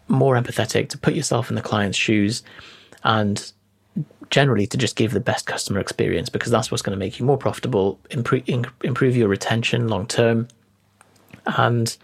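A man co-hosting a fitness podcast, explaining coaching ideas in a measured, casual way. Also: medium pitch, vocal fry, breathy edge. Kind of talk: casual chat.

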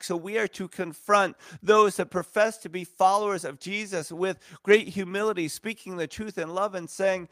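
A man's voice: high voice, fairly even intonation, moderate pace, hardly any pauses, a bit bright, no room sound, studio quality. A man preaching a sermon as a pastor, earnest and emphatic, stacking repeated phrases.

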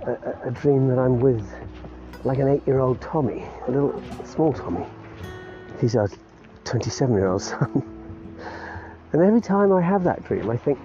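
A man's voice: medium pitch, dark tone. A man in his fifties rambling on about his day for his podcast while walking his dog outdoors, laughing often and restarting his sentences. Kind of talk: rambling casual monologue. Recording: muffled recording with clear music behind.

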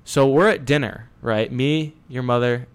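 A man's voice: medium pitch, a little slow, smooth. A young man co-hosting a podcast, chatting casually and getting worked up as he retells his stories. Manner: animated storyteller, gets heated retelling. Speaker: podcast co-host. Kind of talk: casual chat.

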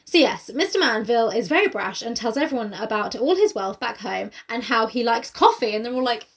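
A young woman chats about a book she's reading, her voice bouncing up and down with laughter. She talks in a lively, sweary way and keeps slipping into silly put-on voices. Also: a little high, a little fast. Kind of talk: casual chat recapping a book.

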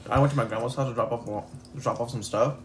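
A man's voice: medium pitch, fairly even intonation, fast, slight background noise. A young man co-hosting a casual podcast, teasing the others and swearing freely. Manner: teasing, crude, swears a lot. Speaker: podcast co-host. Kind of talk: casual chat.

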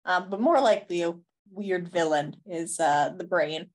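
A woman on a podcast with a somewhat low voice. She keeps her remarks short, dry and easygoing. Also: unhurried. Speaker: podcast co-host. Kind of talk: casual chat.

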